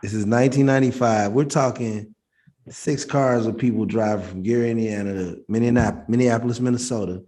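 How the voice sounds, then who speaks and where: A man's voice: mid-range voice, steady tone, a little fast, warm tone. A man hosting a casual interview who asks questions and laughs along with his guest. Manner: laughs along, short backchannel replies. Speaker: interview host.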